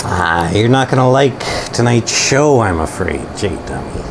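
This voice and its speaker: A Southern American man hosts a live show in a slow, drawling, rambling way. He is wry and casual and swears freely. An air conditioner hums loudly behind him. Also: medium pitch, animated, background noise. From Southern United States. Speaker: podcast host.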